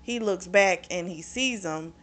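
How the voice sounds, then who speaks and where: Chatty woman recapping a book, low-pitched. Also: measured pace, fairly bright tone. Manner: chatty, retells scenes with lots of fillers. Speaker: book reviewer. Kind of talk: casual plot recap.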